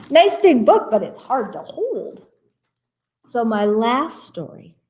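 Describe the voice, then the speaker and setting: In a mid-range voice, a woman reads a rhyming picture book for a library storytime. Her reading is playful and expressive, sprinkled with asides about the pages.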